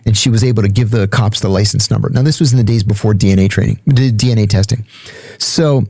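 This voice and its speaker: Blunt man telling a story, dark tone. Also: on the low side, fast, no room sound, clean studio sound. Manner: blunt, profane, matter-of-fact. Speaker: podcast guest. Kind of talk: casual storytelling.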